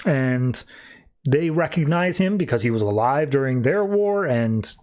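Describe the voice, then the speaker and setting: A man's voice: medium pitch, expressive, a little slow, darkish tone. A man hosting a podcast, loosely retelling comic book scenes in casual chat, with lots of "like" and paraphrased lines. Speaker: podcast host.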